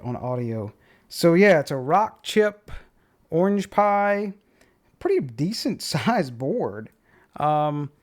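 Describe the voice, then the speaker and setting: A man hosting a tech channel, chatting offhand through an unboxing and thinking aloud as he goes. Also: on the high side. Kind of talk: casual unboxing chat.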